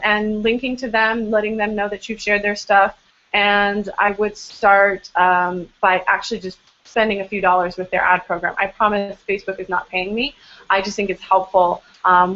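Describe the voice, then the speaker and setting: A woman's voice: mid-range voice, sharp tone. A young adult woman hosting a live online Q&A on blogging, giving casual advice in a chatty, upbeat way with lots of "um"s and self-deprecating asides. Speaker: blog coach hosting a live Q&A. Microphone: video call. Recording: slightly dull, muffled video-call audio.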